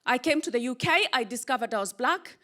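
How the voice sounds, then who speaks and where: Bright, lively woman doing stand-up. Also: high voice, very noisy. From Kenya. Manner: punchy deadpan delivery, pauses for audience laughter. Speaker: stand-up comedian. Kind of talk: stand-up comedy set. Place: comedy club stage with live audience.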